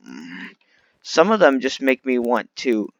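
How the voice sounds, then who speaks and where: A man's voice: mid-range voice, very animated, a little slow, no echo, lo-fi sound. A man delivering an unscripted, rambling rant full of complaints, often restarting his sentences. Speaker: vlogger.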